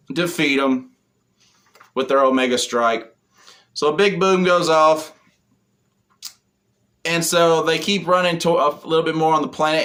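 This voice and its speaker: A man's voice: mid-range voice, bright, forceful tone. A man giving a casual spoken comic book review, retelling the plot in a rambling way with lots of fillers.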